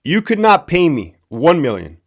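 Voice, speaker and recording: This is a casual ranting monologue to camera from a middle-aged man out of Southern California who used to be a prison guard and now hosts his own show. He speaks at a normal speed in a fairly high voice with big swings in pitch, sarcastic and profane, hammering points by saying them again.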